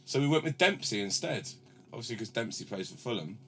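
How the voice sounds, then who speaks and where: A man's voice: medium pitch, expressive, fairly quick. A young man from London hosting a podcast, telling rambling stories in casual chat and swearing freely. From London, England. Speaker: podcast host. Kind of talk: casual banter.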